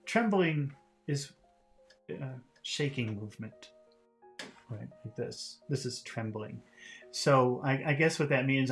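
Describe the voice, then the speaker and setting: A man teaching English, reading a novel aloud and explaining vocabulary in a relaxed way, with many fillers and restarts. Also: mid-range voice, unhurried, faint music behind.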